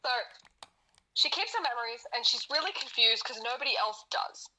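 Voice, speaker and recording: A woman with a bright, high voice rambles through a story in casual podcast chat. She laughs often and swears freely. A faint hiss sits under the recording. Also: expressive, brisk, poor audio. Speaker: podcast co-host.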